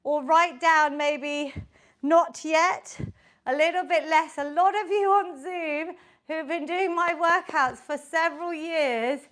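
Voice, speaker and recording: Woman fitness instructor with a high, unhurried voice, upbeat and encouraging as she counts reps for an online class. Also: fairly bright tone. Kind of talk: live online workout instruction.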